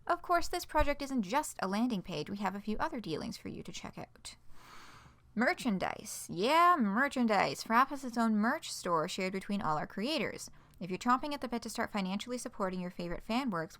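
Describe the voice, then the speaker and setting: A woman's voice: medium pitch, fairly bright tone. A woman streamer reading a fan project announcement aloud, breaking off for playful, dry asides.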